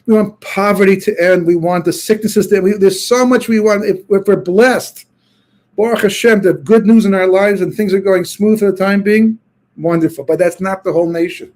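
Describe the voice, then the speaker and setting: A man teaching a Torah class as a rabbi, telling the story in an animated way with quoted voices. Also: high-pitched.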